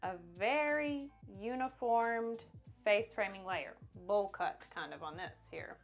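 A woman's voice: medium pitch, slow, soft background music. A young woman, teaching haircutting in a casual, chatty tutorial with rambling asides and laughs.

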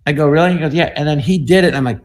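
Comedian, male, 60s, casual anecdotes with quick voices, voice sits a touch high. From United States. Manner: animated, slips into quick impressions and voices. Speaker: comedian guest on an online panel. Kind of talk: casual storytelling.

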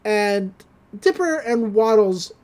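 A woman's voice: mid-range voice, lively intonation, slow pace, darkish tone. A woman hosting a podcast, recapping a cartoon episode in a chatty, giggly way with lots of fillers. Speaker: podcast host.

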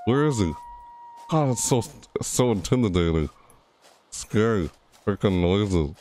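A man casually commenting on his horror game playthrough, jumpy and excitable, talking to viewers and reading game prompts aloud. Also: fairly low pitch, measured pace, a little hiss or hum. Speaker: gameplay streamer.

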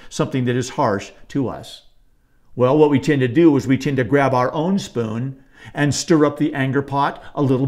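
A man, a pastor, delivering a sermon in a calm, measured way, slowing and softening on key phrases. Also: a little high.

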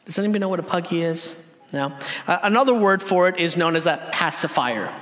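High-voiced preacher in a reverberant church. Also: male voice, a little fast. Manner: lively, humorous storyteller who addresses the congregation directly. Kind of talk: sermon with personal storytelling. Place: church sanctuary. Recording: long reverb of a church hall.

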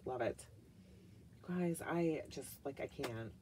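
Middle-aged woman, casual haul vlogger; slow, gushing delivery with lots of fillers and hushed asides. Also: a bass voice, background noise. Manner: gushing, chatty, full of "like" fillers, drops to whispered asides. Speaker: vlogger reviewing wax melts.

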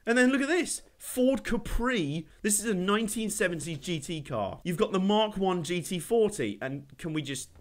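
A man hosting a gaming channel, giving animated, jokey commentary over a racing game he is playing. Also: high voice, brisk, few pauses. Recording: game car noise under voice. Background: racing game engine noise.

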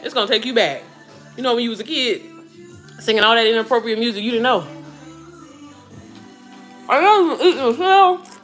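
Animated, chatty woman in her thirties. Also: a little high, a little fast, long pauses, soft background music. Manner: chatty, animated, addresses listeners as girl and baby. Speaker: vlogger talking to viewers while cooking. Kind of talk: casual chat.

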